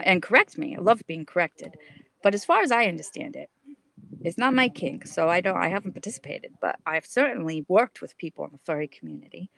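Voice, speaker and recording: A woman's voice: mid-range voice, creaky, fairly bright tone. A middle-aged woman hosting a casual comedic vlog, chatty and theatrical, with many fillers and restarts, talking from an outdoor lunch spot. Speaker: self-styled advice host.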